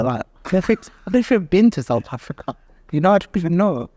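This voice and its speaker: A British man from the UK whose accent is softened from years of speaking Malay, chatting casually and laughing often. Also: high-pitched, very animated, quick pace, dry recording. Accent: British English softened by years of speaking Malay. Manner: easygoing, laughs often, many "you know"s. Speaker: food blogger guest. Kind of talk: casual podcast chat.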